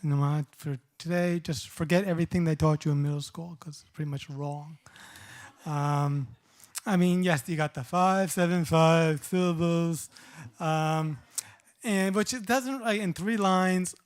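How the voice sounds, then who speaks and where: A middle-aged man giving a poetry reading at a live event, reading short poems and explaining them in a casual, halting way. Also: a little high, steady tone. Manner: halting, many restarts and fillers when explaining.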